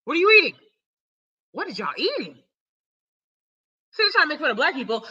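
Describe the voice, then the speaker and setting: Woman ranting on her live, super bright sharp voice, loud n cussing a lot. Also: high-pitched, sing-song, fairly quick, low-quality recording. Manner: loud, profane, heated. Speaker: channel host. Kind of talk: casual live-stream rant.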